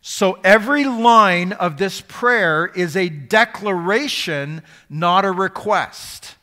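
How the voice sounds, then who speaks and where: A man preaches with a high, bright voice, keeping the sermon loose and conversational as he quizzes the crowd. His words ring out with the long reverb of a big hall. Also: takes it slowly.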